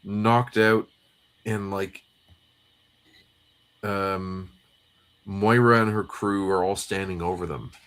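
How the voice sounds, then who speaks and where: A man's voice: low-pitched, fairly even intonation, slow, pauses often, fairly bright tone, clear, resonant tone. A man co-hosting a casual comic read-through livestream, recapping the plot in a rambling way with many fillers. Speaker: co-host.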